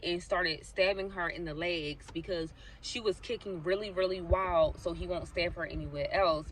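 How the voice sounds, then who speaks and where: A woman's voice: lowish voice, a bit bright, far from the mic. A woman vlogger casually retelling a true-crime story, chatty and talking straight to her viewers with lots of fillers. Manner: chatty, addresses viewers directly, frequent fillers like "so basically".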